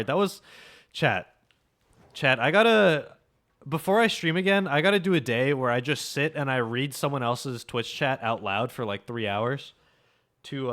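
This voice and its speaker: A young man streams a game, casually chatting and joking with viewers and swearing freely. His voice is mid-range and a bit bright.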